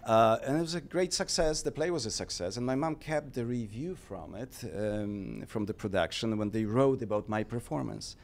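A man from Poland, a talk show guest telling his story in a calm, reflective way. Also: medium pitch, normal speed, few pauses. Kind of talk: casual interview.

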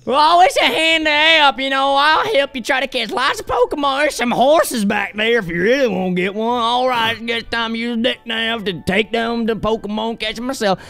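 A man reading a folksy character's lines in a put-on Southern drawl, slow and exaggerated. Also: very high voice, gravelly, bright, forceful tone, exaggerated voice. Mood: hammy. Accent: put-on American Southern.

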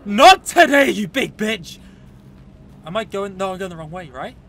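A man giving excitable, joking let's play commentary, often shouting and swearing at the game. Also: high-pitched, normal speed. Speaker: gaming channel host.

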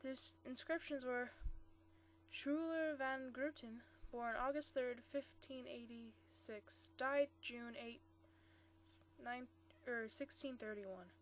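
A timid old antique dealer from a storybook, read by a woman murmurs in a high, soft voice. He stammers and trails off, nervous and apologetic. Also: slow pace, slight background noise. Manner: hesitant, soft-spoken, stammering.

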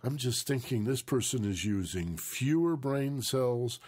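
A man's voice: mid-range voice, animated, a little slow, darkish tone, breathy edge. A man co-hosting a mindfulness talk show, speaking in a thoughtful, reflective way and leaning on phrases for emphasis. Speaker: co-host.

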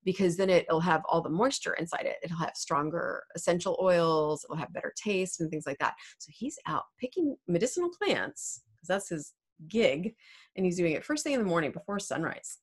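A woman's voice: fairly low pitch, animated, moderate pace, husky. Chatty woman teacher explaining a play. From United States. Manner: chatty and explanatory, laughs easily. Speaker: English teacher. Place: home room. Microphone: desk mic.

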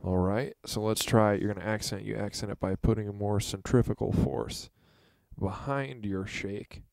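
Lowish-voiced man teaching drums. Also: fairly even intonation, vocal fry, a little mellow, no echo. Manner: halting, earnest, counts out beats. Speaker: drum teacher. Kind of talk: instructional demonstration.

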